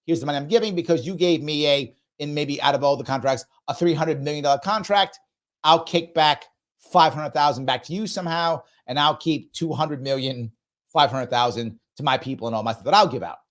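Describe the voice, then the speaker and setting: A man's voice: a little high, a little fast. A man hosting a live reaction show who comments in an emphatic, sarcastic and mocking way. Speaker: host of a political commentary show.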